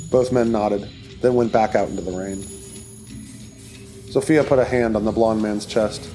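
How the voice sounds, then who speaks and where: A man reading an audiobook chapter as narrator in a steady, even storytelling voice. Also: fairly low pitch, moderate pace, pauses often, soft background music.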